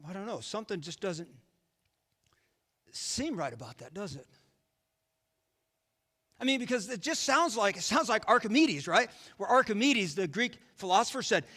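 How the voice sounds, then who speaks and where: A man's voice: sits high, very animated, normal speed, long pauses, sharp tone, long reverb tail. A man, a pastor preaching a sermon in a folksy storytelling manner with rhetorical questions. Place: church sanctuary.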